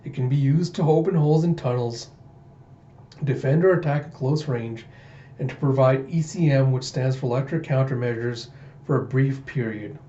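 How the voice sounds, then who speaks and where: A man walks through a manga's chapters in a chatty, enthusiastic manner. His voice is mellow and warm in tone. The recording sounds dull and echoes around the room. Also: mid-range voice, normal speed, slight background noise. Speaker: manga read-through host. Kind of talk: casual manga recap.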